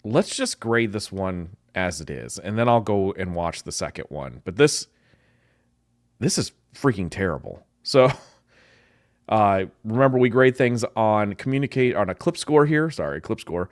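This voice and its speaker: Man, marketing-prof reactor type, exasperated and blunt, pitch all over the place, dry close sound. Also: animated, measured pace, no room sound. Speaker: marketing professor reviewing ads. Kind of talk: ad reaction commentary.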